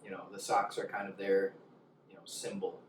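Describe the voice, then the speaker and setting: A man from the Chicago area co-hosting a casual hot wing interview, relaxed and quick to laugh. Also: low voice, background noise. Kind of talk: casual chat. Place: home room. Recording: echoey room, mic far off.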